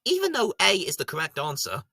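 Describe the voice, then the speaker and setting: A man with a high voice hosting a jokey homemade TV comedy review show, breaking into silly shouted voices. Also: wildly swooping pitch, a little fast, creaky, breathy edge, no room sound, studio quality.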